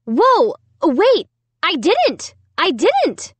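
A woman's voice: high voice, sing-song, unhurried, no echo, voice pushed up. A woman voicing a frantic young girl who insists she is innocent, in a trembling voice.

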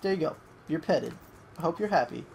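An excitable young gamer calls a match live, cursing at rivals and breaking off to coax a pet in a lifted voice. The pitch sits mid-range, with a faint hiss of noise underneath. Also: brisk, creaky. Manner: excitable, swears at opponents, coaxes a pet in a higher voice. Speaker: gamer doing live commentary. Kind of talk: live gameplay commentary.

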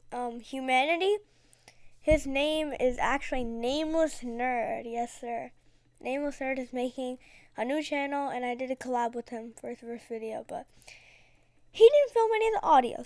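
A woman's voice: sits high, dry recording, clean studio sound. A woman giving casual, rambling gameplay commentary, chatty and dramatic, full of slang. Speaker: gaming video creator.

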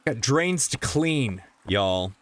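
A man's voice: medium pitch, big pitch swings, takes it slowly. A man doing live commentary on a horror game, exclaiming and laughing as he plays. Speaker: streamer.

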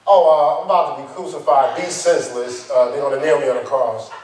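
A man voicing Jesus as a calm, casual man who talks in laid-back slang, heard from far off in an echoey church hall. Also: mid-range voice, a little fast, a little hiss or hum, pitched below the performer's own voice, close to an everyday voice.

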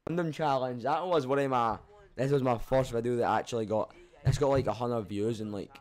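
A man's voice: medium pitch, brisk. Cheeky young Scottish man. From Scotland. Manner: cheeky, swears freely, laughs at himself. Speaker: YouTuber. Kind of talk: reading and reacting to comments.

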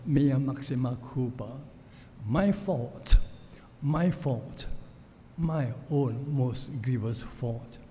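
A man preaching a sermon as pastor, speaking in a slow, reflective way with frequent pauses and fillers, recorded in a church sanctuary. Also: medium pitch, mellow. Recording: long church hall reverb with faint noise.

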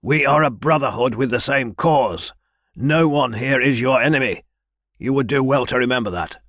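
A man's voice: mid-range voice, normal speed, fairly bright tone, dry recording, studio quality, close to an everyday voice. A man voicing a stern, commanding military captain who demands discipline.

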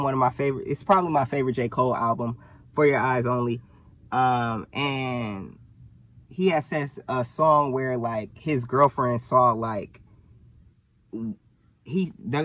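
A young man, talking casually to camera in an animated way, full of fillers and self-corrections. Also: mid-range voice. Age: young adult. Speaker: vlogger. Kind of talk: casual direct-to-camera talk.

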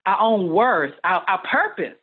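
A woman's voice: mid-range voice, big pitch swings, unhurried, slightly rough. A middle-aged woman speaking as a podcast guest, earnest and motivational, building emphatic lists of words. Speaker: guest, speech-language pathologist. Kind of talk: podcast interview. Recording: tinny phone-like line.

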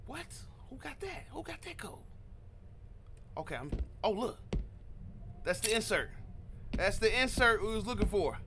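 Jumpy high-voiced man playing a horror game. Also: big pitch swings, a little slow, pauses often, noisy background. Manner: jumpy, slangy and loud, talking to himself and the game. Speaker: gaming channel host. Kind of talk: let's play horror game commentary.

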